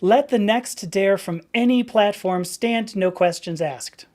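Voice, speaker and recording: A woman's voice: medium pitch, unhurried, darkish tone. Chatty rambling woman in her fifties. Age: 50s. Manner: rambling, chatty, laughs often, many restarts. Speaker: livestream host. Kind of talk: casual live-stream chat.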